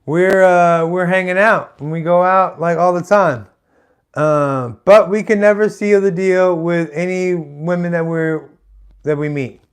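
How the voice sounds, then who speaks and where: A man's voice: sits high, steady tone, measured pace, smooth. A man doing live stand-up comedy, telling a rambling story full of restarts and asides. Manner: rambling, self-interrupting, chatty asides.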